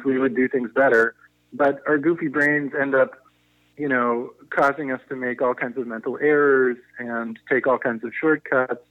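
A man's voice: mid-range voice, no echo. A man being interviewed as a negotiation consultant, explaining ideas thoughtfully and often restarting his sentences. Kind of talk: conversational podcast interview. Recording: tinny phone-line audio.

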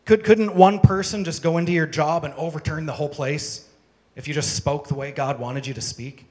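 A man's voice: a little high, fairly even intonation, normal speed, a little mellow. A man preaching a sermon to a congregation, emphatic and driving his points home with strings of rhetorical questions. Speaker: pastor. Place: church service with congregation.

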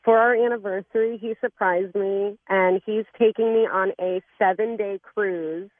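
Excited female caller, gushing, heard over a tinny phone line. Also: mid-range voice, normal speed, no room sound. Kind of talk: phone call to a radio show.

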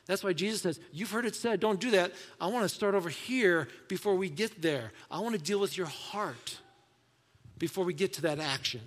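Male pastor, higher-pitched voice, chatty sermon delivery with acted-out quotes, long church reverb. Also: moderate pace. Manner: conversational preaching, acts out quoted voices, drops to soft asides.

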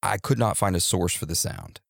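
A man with a low, gravelly voice chats on a podcast, slowly turning ideas over and drawing out his questions. The sound is dry and close. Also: no room sound. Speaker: podcast co-host. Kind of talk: casual podcast chat.

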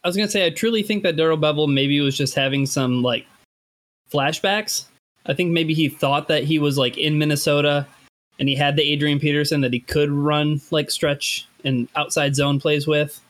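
A man's voice: a little high, steady tone, moderate pace, fairly bright tone. A man co-hosting a sports podcast, talking with hesitant starts and many fillers. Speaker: podcast co-host. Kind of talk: casual sports podcast chat.

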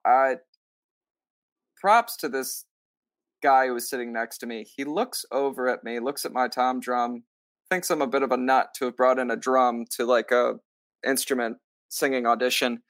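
A man, a stage actor, telling a story in a casual interview, lively and acting out what others said, with lots of filler "like"s. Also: medium pitch, smooth, no room sound, studio quality. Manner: animated, acts out quoted lines; many filler likes. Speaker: musical theater actor, guest.

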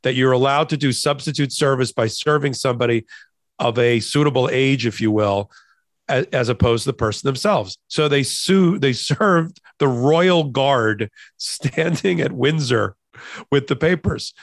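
A man's voice: medium pitch, measured pace, no echo. Man, podcast co-host, explains law conversationally, close dry sound. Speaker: podcast co-host, trial lawyer. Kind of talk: casual legal commentary.

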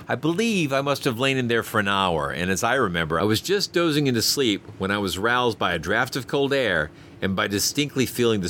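A man reads a first-person tale aloud in a measured, expressive way. His voice is low but moves a lot in pitch. A faint hiss of noise sits under the recording. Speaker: audiobook narrator. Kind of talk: first-person story narration.

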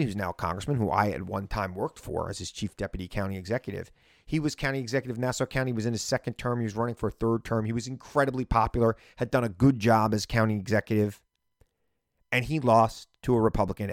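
A man's voice: fairly low pitch, gravelly, no echo, studio quality. A middle-aged man with a light Long Island accent hosting a podcast, giving political commentary in a conversational, wry way. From Long Island, New York. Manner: conversational, wry, asides to listeners. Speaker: podcast host.

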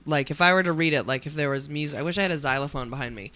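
A young woman co-hosting a podcast in casual chat, playful and quick with goofy bits. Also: low voice, fairly bright tone. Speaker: podcast co-host.

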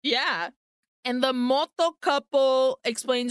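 Brief: woman podcast co-host, animated storyteller, slightly high, smooth crisp voice, dry close sound. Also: unhurried, no echo. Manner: animated retelling, acting out characters' lines, swearing. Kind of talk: casual film recap chat.

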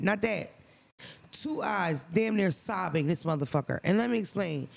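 Gravelly, blunt, profane man co-hosting a podcast. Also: high voice, normal speed. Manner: blunt, profane, animated storytelling. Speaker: podcast co-host. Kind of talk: casual podcast chat.

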